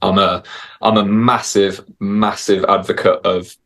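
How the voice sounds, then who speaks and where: Low-voiced English guy, relaxed. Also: measured pace. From England. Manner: relaxed, says dude a lot. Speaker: guest musician. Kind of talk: casual interview chat. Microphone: video call.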